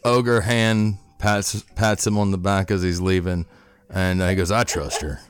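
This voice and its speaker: Deep-voiced man narrating as a player. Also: level tone, measured pace, smooth. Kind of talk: narrating a tabletop game.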